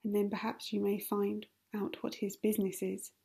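Woman softly voicing a prying gossipy old lady. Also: medium pitch, flat delivery, moderate pace, vocal fry, husky. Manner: prying, insistent. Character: nosy, meddling older gossiping woman. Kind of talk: whispered role-play.

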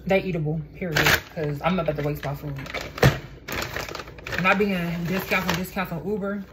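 A woman's voice: on the low side, fairly even intonation, brisk, heavy background noise. A young woman, talking bluntly and swearing freely in a casual vlog rant at home. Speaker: vlogger. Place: indoors at home, poor lighting.

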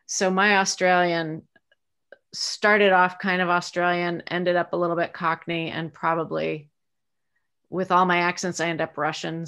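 A woman's voice: on the low side, gravelly, fairly bright tone. A middle-aged American woman, a voice actress, answering interview questions in a chatty, reflective way with plenty of fillers and restarts. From United States.

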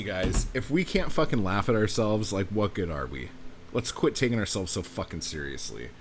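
Animated, swearing male podcast host. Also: low voice, a little hiss or hum. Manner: profane, emphatic, self-mocking. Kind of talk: casual ranting commentary.

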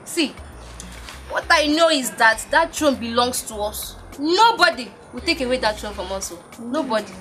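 A woman's voice: on the high side, expressive, normal speed, fairly bright tone, faint music behind. An actress with a Nigerian accent playing a young village woman who talks emphatically with a friend in a film. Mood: insistent. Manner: insistent, emphatic. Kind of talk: Nollywood film acting.

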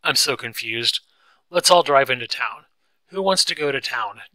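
A man voicing a restless, fretful wealthy young woman, loud and plaintive, in a storybook reading. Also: steady tone, moderate pace, dry recording, rough recording. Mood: distressed. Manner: high-strung, plaintive and loud.

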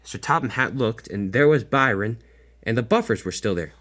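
A man's voice: medium pitch, expressive, moderate pace, a bit bright. Young man narrating a homemade train story. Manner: stumbling, restarts mid-sentence.

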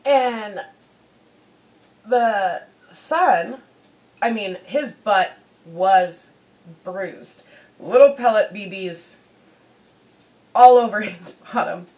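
A woman's voice: medium pitch, very slow, pauses often, a little mellow, rough recording. A woman beauty vlogger telling a personal story in a chatty way, full of "you know"s. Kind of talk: casual storytelling.

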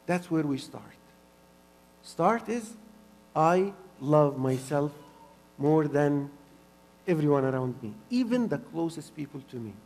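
High-pitched man giving an earnest church sermon with lots of repetition, in a hall with a long reverb. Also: sing-song, slow, long pauses. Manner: earnest, repeats phrases for emphasis, swings between soft and loud. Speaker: pastor.

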